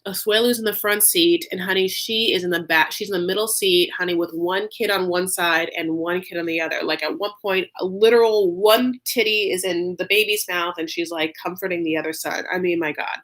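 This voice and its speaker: A young man recapping a reality show in a campy, sassy, animated storytelling style, calling viewers "honey". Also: high voice, a little fast, hardly any pauses. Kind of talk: casual comedic recap.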